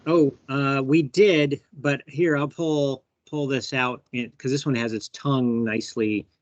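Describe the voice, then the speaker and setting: A man's voice: mid-range voice, fairly even intonation, unhurried, no room sound. A man hosting a live bee workshop on a video call, chatty and thinking aloud as he shows specimens. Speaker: workshop host. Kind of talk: live online workshop teaching. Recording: dull, dry video call audio.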